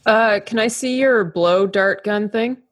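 Player, female, mid-pitched, blunt and deadpan. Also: unhurried. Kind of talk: tabletop game role-play.

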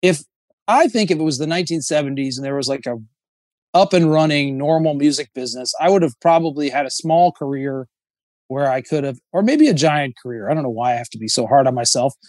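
A man talking as a comedian guest on a podcast, rambling and swearing, breaking into high sung bits. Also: fairly quick, a little mellow, no echo, studio quality. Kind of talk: casual podcast chat.

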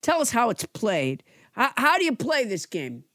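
A woman's voice: fairly high pitch, wildly swooping pitch, moderate pace, fairly bright tone, dry recording, clean studio sound. A woman co-hosting a comedy podcast, playful and rambling. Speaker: podcast co-host.

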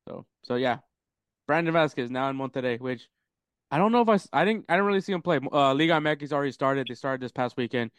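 Smooth-voiced man chatting about soccer. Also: mid-range voice, lively intonation, fast, dry recording. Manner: rambling, swears, laughs often. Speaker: podcast co-host. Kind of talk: casual soccer chat.

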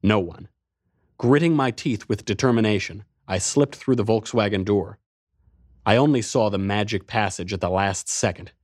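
A man's voice: on the low side, normal speed, darkish tone, no echo, studio quality. A man narrating a first-person adventure story in a tense, driving way.

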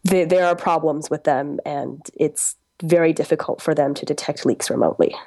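A woman with a low-pitched voice speaks in a radio interview. She explains her reporting in a thoughtful way, pausing often with ums and uhs. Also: mellow. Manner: thoughtful, with frequent um and uh.

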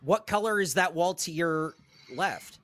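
A man's voice: a little high, unhurried, fairly bright tone, a little hiss or hum. A man in casual podcast chat, teasing his friends with sarcastic, mock-outraged remarks. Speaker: podcast guest.

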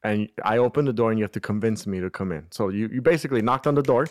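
A man's voice: on the low side, fast, dry recording. Chatty young man laying out scenarios. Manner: explains scenarios at length, lots of like. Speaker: podcast co-host setting up challenges. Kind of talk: casual chat.

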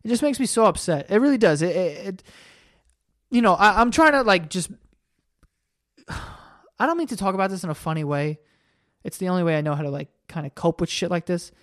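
A man's voice: high-pitched, normal speed, pauses often, no echo, clean studio sound. Rambling, profane male podcast host. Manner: rambling, profane, gets worked up and loud. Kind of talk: casual solo podcast monologue.

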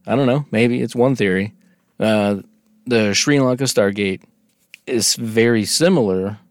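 Low-voiced man in casual podcast chat. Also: dry recording, clean studio sound. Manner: joking, reads from notes with halting restarts. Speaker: podcast co-host.

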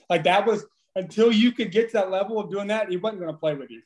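Profane, animated man telling stories. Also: sits high, quick pace. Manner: profane, animated storyteller with laughs. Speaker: former baseball player, podcast guest. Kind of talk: casual storytelling chat.

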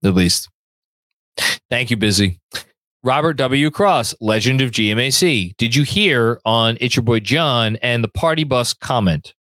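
A man hosts a fan podcast in a loose, rambling way and stumbles over repeated words as he thinks. His voice sits at a middling pitch. The recording is dry, with no room sound. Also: lively intonation, measured pace, a bit bright, no room sound. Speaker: podcast host. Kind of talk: casual podcast chat reading viewer comments.

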